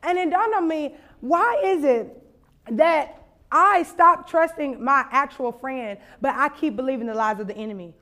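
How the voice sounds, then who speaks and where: A young woman from Louisiana speaks at a conference, her voice sitting high. She tells comic stories full of acted-out voices and laughter, then turns them into preaching. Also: normal speed. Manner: animated, laughing, acts out voices in anecdotes. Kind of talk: storytelling sermon.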